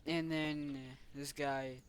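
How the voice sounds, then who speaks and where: A man's voice: a little high, level tone, extremely slow. A young man casually retelling a story as channel host, rambling and correcting himself as he goes. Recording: noisy home recording.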